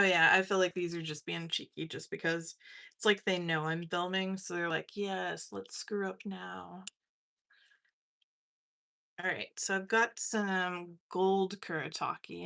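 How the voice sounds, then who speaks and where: This watercolor artist streams live, her low voice creaky with a sharp edge. The young woman keeps the talk casual, breaking into laughter often and teasing herself.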